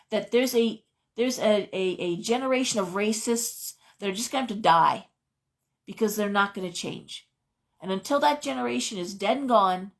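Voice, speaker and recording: On her live tarot broadcast, a middle-aged host chats informally and keeps digressing into tales from her own life. Her voice is fairly high, and the recording is low quality.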